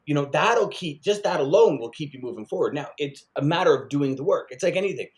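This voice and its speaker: A man's voice: a little high, quick pace. Guy co-hosting a sales talk show, punchy, keeps repeating key points. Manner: energetic, repeats himself for emphasis. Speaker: podcast co-host. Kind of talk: casual sales chat.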